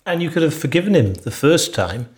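A man adding quick prompting remarks in a conversational Bible discussion. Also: fairly high pitch, big pitch swings. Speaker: co-presenter of a Bible podcast.

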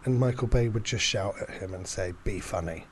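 A man's voice: on the low side, fairly quick, crowd noise. A man, hosting a casual chat and cracking jokes. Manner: joking, swears casually.

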